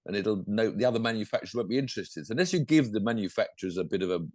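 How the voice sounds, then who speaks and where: Casual podcast co-host with a low voice and a dry sound, rambling and self-correcting. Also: male voice, lively intonation, rapid-fire, a little mellow, no room sound. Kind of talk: casual motorsport chat.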